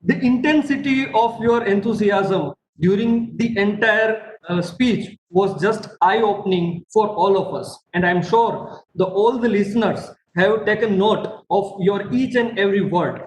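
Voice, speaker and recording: A man with an Indian English accent gives formal, effusive thanks in a high voice, calling the speaker 'sir'. His voice echoes around a roomy space with faint noise behind it. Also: a little slow, hardly any pauses. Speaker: webinar moderator.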